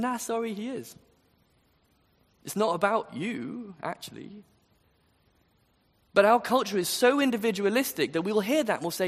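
Man preaching a sermon, earnest, emphatic, lively rising and falling delivery, slightly raised voice, long hall reverb. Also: high-pitched, a little fast. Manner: earnest, emphatic, with rhetorical questions.

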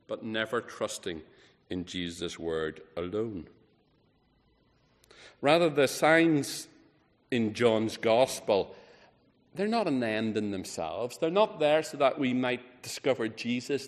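A man preaching a sermon, emphatic, rising on key words and falling low and quiet at the ends of phrases. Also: expressive, measured pace. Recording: reverberant hall.

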